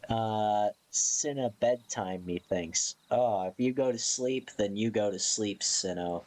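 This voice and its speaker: A man chatting casually on a live stream, sleepy and yawning, rambling slowly in a playful, offhand way. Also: lowish voice, a little mellow.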